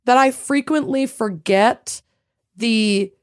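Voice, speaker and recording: A woman's voice: on the high side, slow pace. A woman co-hosting a podcast in casual chat, talkative and self-deprecating, often trailing off and restarting. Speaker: podcast co-host.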